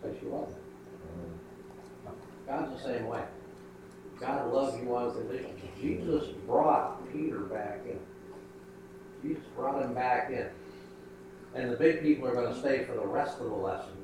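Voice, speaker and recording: A man's voice: mid-range voice, a little slow, pauses often. An older man, a pastor, telling a folksy children's sermon about his granddaughter. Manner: folksy storytelling. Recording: echoey room, mic far off, noisy.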